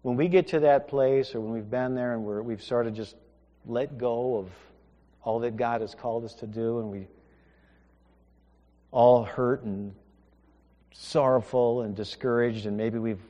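A man's voice: mid-range voice, steady tone, a little slow, dull audio. Preaching man in an echoing hall. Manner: storytelling with rhetorical questions, swinging from hushed to emphatic. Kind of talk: sermon. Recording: echoey hall with long reverb.

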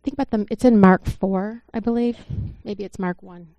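A woman's voice: mid-range voice, steady tone, moderate pace, no echo, dull audio. A woman giving an informal sermon, talking in an earnest, conversational way and telling a story to the congregation. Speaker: church speaker.

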